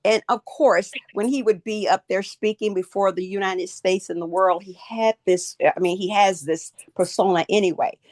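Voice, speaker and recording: A woman's voice: medium pitch, steady tone, normal speed, few pauses, a little mellow, no echo, clean studio sound. A woman co-hosting a podcast, telling chatty personal stories before asking the guest a question. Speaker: podcast co-host. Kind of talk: casual interview chat.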